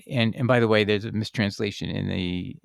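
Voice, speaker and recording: A man's voice: on the low side, fairly even intonation, a little fast, gravelly, no echo, clean studio sound. A man explaining a scripture passage to a viewer while sharing his screen, in a rambling, emphatic teaching style with frequent restarts. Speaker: Bible teacher answering a viewer. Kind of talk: casual screen-share teaching.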